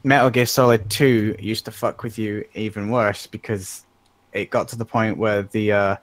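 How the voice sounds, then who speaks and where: A man's voice: fairly low pitch, steady tone, normal speed, no room sound. A man on a casual podcast, telling stories and explaining things in detail.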